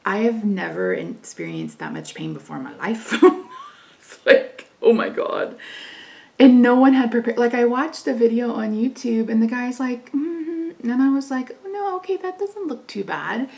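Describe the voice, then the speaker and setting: A woman's voice: on the high side, sing-song, moderate pace, gravelly, hardly any pauses, darkish tone. A middle-aged woman vlogger telling a candid, exasperated story in casual chat, laughing often and acting out what people said. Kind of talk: casual storytelling while doing makeup.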